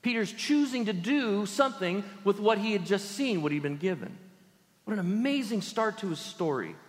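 A pastor giving an animated sermon, often acting out the people he quotes. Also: high voice, moderate pace, big-room sound. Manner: animated, acts out quoted voices in character.

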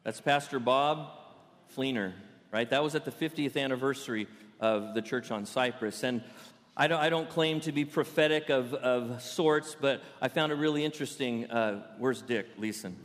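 A man preaching a sermon to a congregation in a playful, animated storytelling way. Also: mid-range voice, moderate pace, long reverb tail. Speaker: pastor. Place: church sanctuary.

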